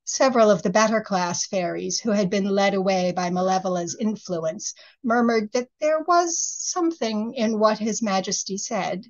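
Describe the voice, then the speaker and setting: Woman reading a fairy story, measured and expressive, audio kinda dull. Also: mid-range voice. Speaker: reader. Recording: slightly muffled recording.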